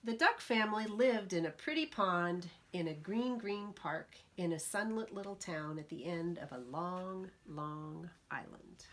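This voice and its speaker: A woman librarian reading a picture book aloud to preschoolers, slow and expressive, pausing to ask the children questions. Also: fairly low pitch.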